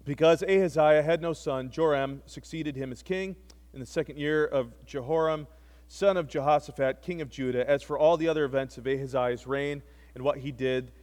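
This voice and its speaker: A man preaching a sermon, retelling scripture with animated, wry storytelling asides. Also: mid-range voice, moderate pace. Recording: long hall reverb.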